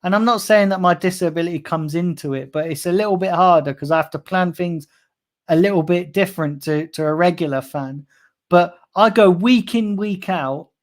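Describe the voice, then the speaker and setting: A man's voice: high-pitched, normal speed. A man hosting a fan livestream, ranting angrily and swearing a lot while reading out chat messages. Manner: angry, heavily swearing, repetitive ranting. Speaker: fan channel host.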